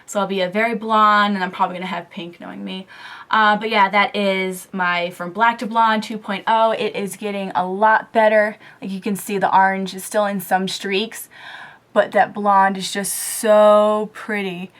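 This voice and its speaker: A young woman casually telling a story in a beauty vlog, chatty and animated, full of "like" and "um", talking straight into a camera mic. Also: medium pitch, moderate pace. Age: young adult. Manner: chatty, lots of "like" and "um"; animated storytelling, quoting others. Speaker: beauty vlogger.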